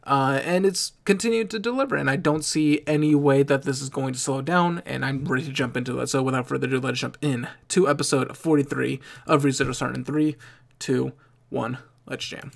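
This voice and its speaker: A young man talks his way through an anime reaction video in a loose, casual ramble. His voice has a gravelly, fried edge and sits at an ordinary middle pitch. He often stops, restarts and fixes his own words as he thinks out loud. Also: a little fast. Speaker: anime reaction channel host.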